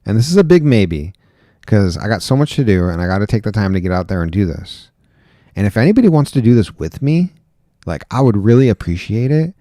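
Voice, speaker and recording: A man's voice: fairly low pitch, dark tone, no echo. A man chatting casually on his livestream, rambling and reading out chat comments, close to a microphone at home. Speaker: livestream host, rideshare driver. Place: indoor home room. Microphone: close desk microphone.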